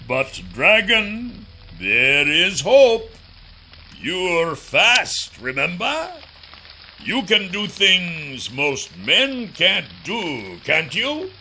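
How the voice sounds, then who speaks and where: A man voicing a cold, sneering male villain in an audiobook, drawing out his taunts slowly. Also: high-pitched, sing-song, sharp tone, a little hiss or hum, pitched above the performer's own voice, full character voice. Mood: mocking. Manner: slow, drawn-out, taunting delivery. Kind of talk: audiobook character voice.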